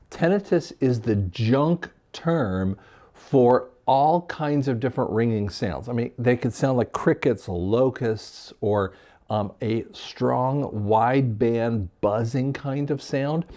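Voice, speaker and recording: A man who works as a hearing clinic doctor, explaining a health topic to camera in a casual, conversational way, with many fillers and pauses. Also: medium pitch, warm tone.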